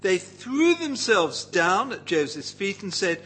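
A man's voice: high-pitched, sing-song, slow, hardly any pauses, a bit bright, breathy edge, low-quality recording. A man preaching a Bible teaching sermon in an engaging way, often putting questions to his listeners.

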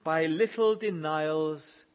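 A man's voice: fairly high pitch, slow pace. A man preaching a sermon, reading scripture verses aloud and pressing his listeners with earnest questions. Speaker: pastor.

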